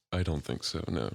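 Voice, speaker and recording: Young male co-host with a low voice, relaxed and crude banter. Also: gravelly, dry recording, clean studio sound. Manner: laid-back, crude, laughs often. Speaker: podcast co-host. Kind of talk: casual chat.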